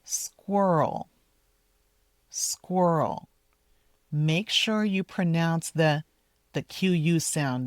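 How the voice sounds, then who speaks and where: A woman teaching English pronunciation at a relaxed, slow pace with a low voice. She repeats each model word carefully and deliberately. The sound is close and dry, with no room echo. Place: outdoors in a park, walking with her dog.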